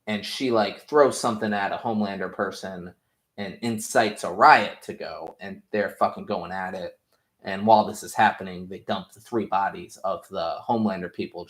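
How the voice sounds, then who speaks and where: A man hosting a show review, talking through the plot in a loose, rambling way, full of fillers and swearing. His voice sits on the low side, and the recording carries a noticeable room echo. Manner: rambling, profane, heavy on "like" fillers. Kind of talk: casual episode recap.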